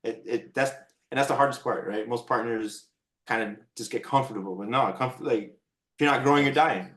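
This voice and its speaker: An easygoing man speaks at a middle pitch, with a roomy echo around his voice. He chats casually and offers upbeat, motivational advice. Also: moderate pace, fairly bright tone. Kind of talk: casual chat. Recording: echoey room sound.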